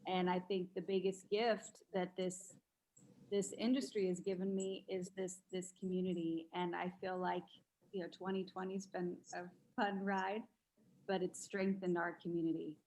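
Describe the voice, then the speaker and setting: A woman's voice: fairly low pitch, little pitch movement, moderate pace, a little mellow, slight background noise, poor audio. A woman on a video call speaking modestly and a bit self-deprecatingly about what she is thankful for. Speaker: call participant. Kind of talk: casual sharing.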